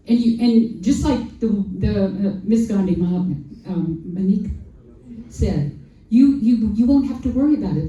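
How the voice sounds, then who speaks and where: A woman telling an animated personal story on a festival panel, acting out quoted dialogue and repeating lines for emphasis, heard from a distant mic. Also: mid-range voice, a little slow, muffled recording. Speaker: sanctuary founder on a festival panel. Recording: echoey hall, voice from far off.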